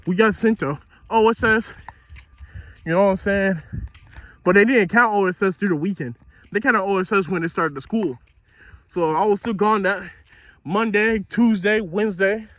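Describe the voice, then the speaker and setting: Young guy, high voice, telling a wild school story, super slangy, cussing a lot, dry sound outside. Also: normal speed, pauses often, no room sound. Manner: animated, slangy, profane storytelling. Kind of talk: casual storytime monologue.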